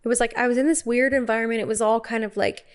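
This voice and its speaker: A woman's voice: on the high side, steady tone, fast talker, clean tone. A young woman co-hosting a podcast, telling stories playfully and acting out quoted lines. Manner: playful storyteller, acts out quotes. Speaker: podcast co-host. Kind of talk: casual comedic chat.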